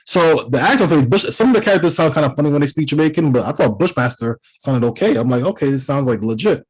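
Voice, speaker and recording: A man raised in the Caribbean co-hosts a podcast, chatting casually and rambling with plenty of fillers and restarts. His voice sits a little high, animated and quick, with a breathy edge, and the audio quality is poor.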